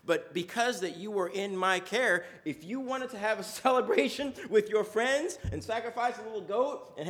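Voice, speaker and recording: A man voicing a patient, loving older father in a retold parable, gentle and reassuring. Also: sits high.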